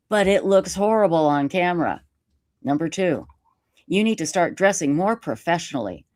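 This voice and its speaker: A woman live streamer telling a story in casual interview chat, animated and self-mocking, laughing often. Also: on the low side, no room sound, clean studio sound. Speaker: YouTube live streamer reading a letter.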